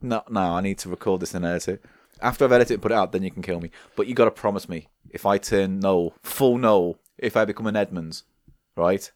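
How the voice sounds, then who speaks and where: A man's voice: low voice, no echo, clean studio sound. A man co-hosting a podcast in casual chat, bantering and slipping into silly impressions. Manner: bantering, breaks into quick silly accent impressions. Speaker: podcast co-host.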